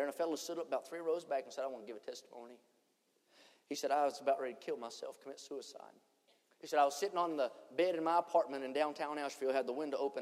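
A man preaching a revival sermon, swinging between shouted lines and hushed ones. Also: mid-range voice. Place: church conference hall. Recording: long church hall reverb.

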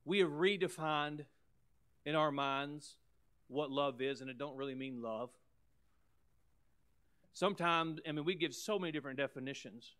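A pastor in the middle of a sermon, a man with a slightly higher-pitched voice. He preaches emphatically, often repeating words. He swings between loud, pressing points and quieter, softer lines. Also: normal speed, long pauses, smooth.

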